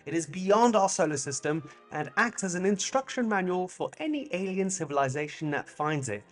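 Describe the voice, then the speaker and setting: A French-born man with a British accent hosting a comic monologue, animated and jokey with sudden pitch jumps. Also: normal speed, soft background music. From France. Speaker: comedian host.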